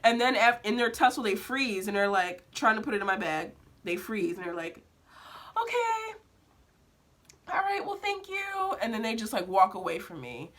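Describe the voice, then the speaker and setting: A woman's voice: medium pitch, a little fast, hardly any pauses, a bit bright, slight background noise. A young woman telling a dream in a casual, emphatic spiritual vlog, slangy and full of fillers. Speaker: vlogger.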